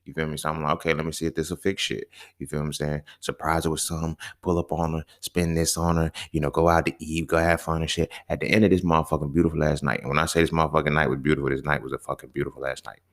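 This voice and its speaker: A young man telling a casual, profane story as a podcast host, often asking "you feel me?" and swinging between low mutters and sudden high exclaims. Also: little pitch movement, rapid-fire, a bit bright.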